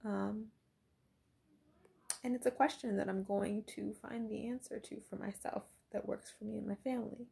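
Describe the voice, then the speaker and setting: A woman's voice: mid-range voice, creaky, mellow. A young adult woman talking candidly in a confessional diary vlog, reflective and often dropping to a whisper. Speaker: vlogger.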